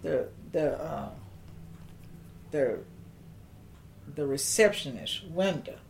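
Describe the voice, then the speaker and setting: Low-voiced older woman. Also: lively intonation, creaky, slight background noise. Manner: slow, reflective, with halting restarts. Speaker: interviewee. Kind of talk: personal storytelling.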